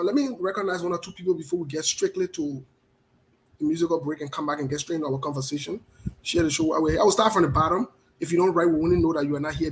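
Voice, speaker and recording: A male talk show host with a fairly high voice. He talks with blunt passion, calls out viewers' names one after another and argues his point hard. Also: slight background noise, poor audio. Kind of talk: live online talk show, greeting viewers.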